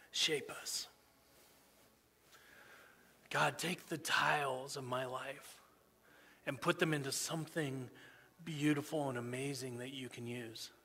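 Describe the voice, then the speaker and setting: Earnest preacher guy, bright forceful voice, long church reverb. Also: medium pitch, breathy edge. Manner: earnest, repeats himself, swings from hushed to loud. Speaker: pastor. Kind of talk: sermon. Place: church sanctuary.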